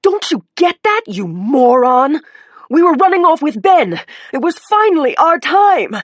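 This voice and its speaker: A woman's voice: medium pitch, animated, unhurried, husky, dry recording, studio quality. A woman voicing a badly injured young policewoman who screams, cries and curses. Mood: frantic. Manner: screaming, crying, cursing. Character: young woman cop, injured, frantic and defiant.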